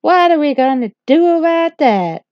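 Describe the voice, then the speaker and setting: A woman voicing excited, gossiping fairies in a high, loud voice. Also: normal speed, dry recording. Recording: dull lo-fi dry recording.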